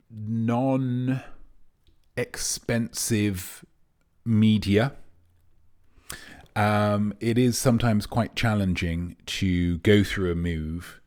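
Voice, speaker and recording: Rambling, theatrical man hosting a quiz. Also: darkish tone. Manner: theatrical, rambling, self-important artiste persona with sudden pitch jumps. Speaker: quiz host. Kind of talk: character comedy livestream quiz.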